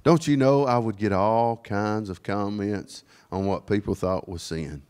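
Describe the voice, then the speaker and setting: A man preaching a sermon in a church, sprinkling his talk with amen and praise God, swinging from quiet asides to raised, ringing declarations. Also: lowish voice, measured pace, clean tone. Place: church sanctuary.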